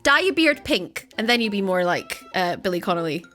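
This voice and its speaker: Woman, light Scottish accent softened by years in England, giggly and self-mocking, mid-range pitch. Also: big pitch swings, a little fast, soft background music. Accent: light Scottish blended with English. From Scotland. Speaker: new presenter. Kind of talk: casual chat.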